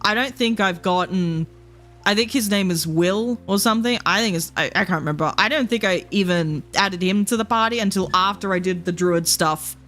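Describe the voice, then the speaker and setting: A woman's voice: mid-range voice, normal speed, fairly bright tone, soft background music. A woman streamer chatting casually, laughing often, swearing, and mimicking characters as she tells stories. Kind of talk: casual live-stream chat.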